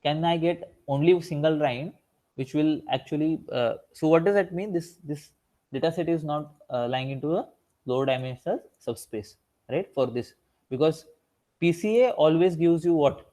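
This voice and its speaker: A man's voice: a little high, moderate pace, dark tone. A male instructor giving an online revision lecture, asking himself rhetorical questions and tagging lines with "right?".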